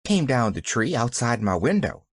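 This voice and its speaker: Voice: medium pitch, very animated, moderate pace, breathy edge, no echo. A reader voicing a cheerful, earnest little girl who chatters eagerly.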